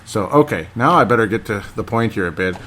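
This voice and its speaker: A man's voice: on the low side, animated, fast, a bit bright, a little hiss or hum. A man hosting a casual solo podcast, rambling and chatty, laughing often and talking straight to his listeners. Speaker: podcast host.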